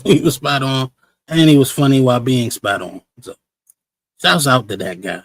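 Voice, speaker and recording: A man hosting a live-stream review show, talking in a relaxed, slangy, chatty way. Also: mid-range voice, normal speed, no echo, poor audio. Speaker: livestream show host. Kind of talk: casual live-stream commentary.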